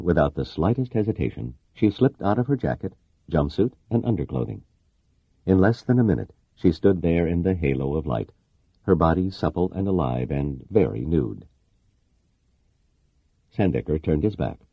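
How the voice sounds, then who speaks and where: A man narrating a thriller audiobook in a measured, dramatic reading. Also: rumbling low, slightly rough, no room sound, dull audio. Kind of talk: scripted narration.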